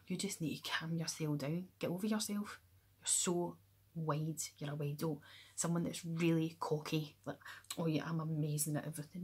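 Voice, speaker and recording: A woman from near Glasgow with a West of Scotland accent, explaining Scottish slang softly in a playful way, often dropping to a whisper and spelling words out slowly. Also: low voice, slightly rough. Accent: West of Scotland (Glasgow area). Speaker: YouTuber. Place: room at home with the window open.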